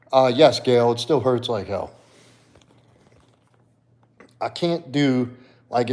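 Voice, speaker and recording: This fitness coach has a mid-range, darkish voice. Hosting a casual livestream, he's easygoing, talking to his dog and answering viewers in the chat.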